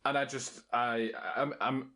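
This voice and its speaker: A man playing a tabletop role-playing game, excitable and full of stammered restarts as he describes his character's actions. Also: medium pitch, measured pace. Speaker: player.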